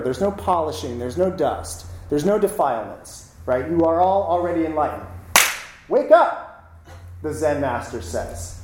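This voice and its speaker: Animated lecturer in a roomy space. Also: mid-range voice. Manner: animated storytelling, frequent "right?" asides. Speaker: lecturer on Buddhism. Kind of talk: casual lecture. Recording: roomy room with faint noise.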